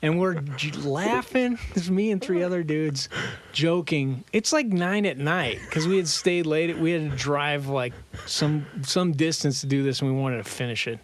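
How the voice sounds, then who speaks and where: A man co-hosting a podcast in casual chat, telling anecdotes in an animated way and laughing through them. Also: a little high, moderate pace, slight background noise. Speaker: podcast co-host.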